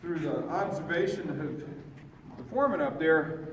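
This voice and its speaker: A man demonstrating horse groundwork in an outdoor round pen, talking in a relaxed, folksy way and chatting to the horse, picked up from far off. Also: a little high, measured pace, very echoey, big-room sound, slight background noise. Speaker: horse trainer. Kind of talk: instructional demonstration.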